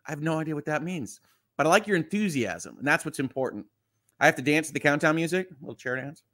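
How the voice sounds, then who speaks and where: A man's voice: fairly high pitch, lively intonation, quick pace, bright, forceful tone. A man from Michigan hosting a casual morning livestream, chatty and reading viewer comments aloud with quips. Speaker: livestream host.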